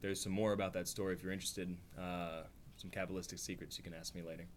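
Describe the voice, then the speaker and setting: A man's voice: low voice, little pitch movement, quick pace, a little hiss or hum. A man teaching an informal religious study class, talking conversationally, acting out quotes with a lifted voice and often checking in with "right?". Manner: conversational, acts out quotes with rising voice, frequent "right?".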